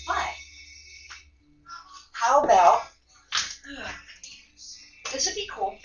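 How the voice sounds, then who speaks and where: A middle-aged woman hosting a casual art demo, excitable and swearing freely as she works, in her home studio. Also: a little high, very slow, long pauses, soft background music, poor audio. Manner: excitable, swearing, gasps and laughs at the results. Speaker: art tutorial host. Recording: loud heat gun noise behind.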